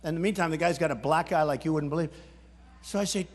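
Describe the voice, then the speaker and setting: A man giving a boastful, repetitive campaign rally speech, breaking into shouts. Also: on the high side, quick pace. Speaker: political candidate at a rally. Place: large indoor rally hall. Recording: long hall reverb at a rally.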